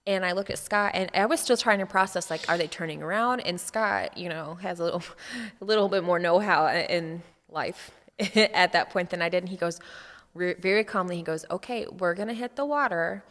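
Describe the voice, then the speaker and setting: A middle-aged woman co-hosting a podcast, telling a story in casual chat with animated laughter. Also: lowish voice, a little fast. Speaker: podcast co-host. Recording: long reverb.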